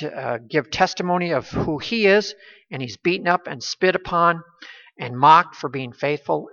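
A man preaching an expository Bible sermon, earnest and emphatic, with frequent filler pauses. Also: a little high, sharp tone, highs cut off.

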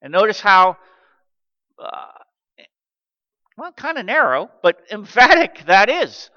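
A man in his sixties preaching a sermon, animated and acting out the quotes he tells. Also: high-pitched, slow pace, pauses often. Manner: animated, acts out quotes in character. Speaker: pastor. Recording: dull recording with long hall reverb.

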